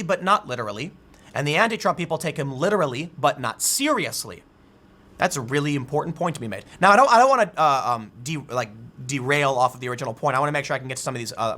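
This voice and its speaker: Bright-voiced man riffing on the news. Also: on the high side. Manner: animated, reads out articles then riffs with restarts. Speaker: political commentator. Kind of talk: solo news commentary.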